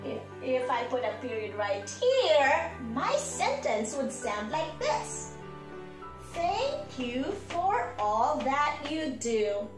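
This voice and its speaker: A woman, a preschool teacher, giving a slow, sing-song morning lesson to small children. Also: high voice, very animated, reverberant, over music. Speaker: pre-K teacher.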